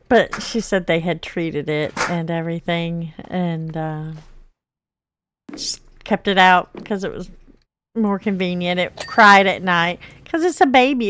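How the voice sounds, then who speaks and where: A woman's voice: slow, fairly bright tone, slight background noise. Chatty woman telling stories while gaming. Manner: chatty, laughs often, acts out quotes with big pitch jumps. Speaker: gaming channel host. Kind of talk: casual storytelling while playing a game.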